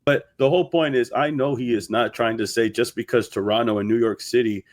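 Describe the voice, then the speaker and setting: A man delivering a steady, argumentative opinion segment in a commentary video. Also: mid-range voice, brisk.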